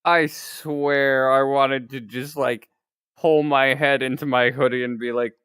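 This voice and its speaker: A man's voice: medium pitch, steady tone, measured pace, fairly bright tone, clean tone, no echo, studio quality. A young man streaming, telling a rambling story in casual chat and laughing often.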